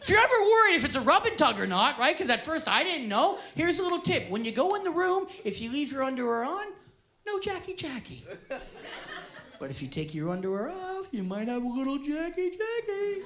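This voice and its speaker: Loud profane male stand-up comic. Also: extremely high pitch, big pitch swings, fairly quick. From Canada. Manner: profane, loud, crowd-baiting delivery. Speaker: stand-up comedian. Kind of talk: stand-up comedy set. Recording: live club set with loud crowd laughter.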